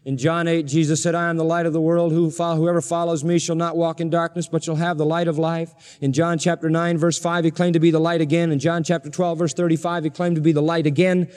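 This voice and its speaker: A male pastor preaching in a high, ringing voice, hammering each point home through repetition. His words trail off into a long, echoing reverb, the way a sanctuary sounds. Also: level tone, brisk, few pauses, darkish tone, clean tone. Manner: emphatic, repeats phrases for stress. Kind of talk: sermon.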